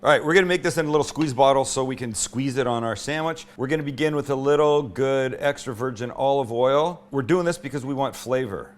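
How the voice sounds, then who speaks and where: A man hosting a cooking show from his indoor home kitchen, chatty and irreverent as he demonstrates a recipe. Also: medium pitch.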